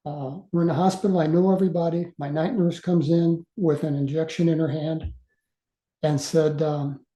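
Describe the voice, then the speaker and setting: Man in his sixties, halting, mellow voice. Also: fairly high pitch, steady tone, roomy sound. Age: 60s. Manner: earnest, halting, with frequent uhs and repeated words. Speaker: guest speaker. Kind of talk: casual storytelling.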